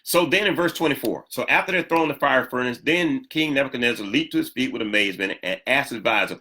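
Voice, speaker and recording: A male pastor preaching a sermon, emphatic, repeating key lines and swinging sharply up and down in pitch for emphasis. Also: fast talker, hardly any pauses, sharp tone.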